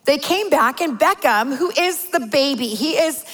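A high-pitched woman in her forties delivers a sermon. She tells stories with lively, playful exaggeration. Her voice rings out with a long reverb, as in a large church hall. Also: normal speed. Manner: animated storytelling with playful exaggeration. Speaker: pastor's wife preaching.

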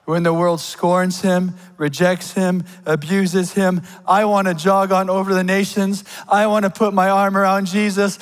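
A man preaching a sermon at a church service, impassioned and rhetorical, dropping to a hush and then rising to loud declarations. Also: flat delivery, smooth, in a large hall, rough recording. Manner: swings between hushed, slow lines and loud, high declarations.

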